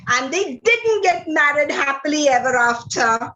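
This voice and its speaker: Woman lecturer, unhurried, reads a story aloud with big dramatic voice changes; a bit high. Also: poor audio. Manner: dramatic, expressive read-aloud with big pitch leaps.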